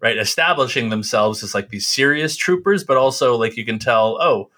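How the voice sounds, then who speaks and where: Bright-voiced man chatting about movies. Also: mid-range voice, expressive, moderate pace. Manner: laughs often, quotes lines in put-on voices. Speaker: podcast co-host. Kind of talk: casual movie discussion.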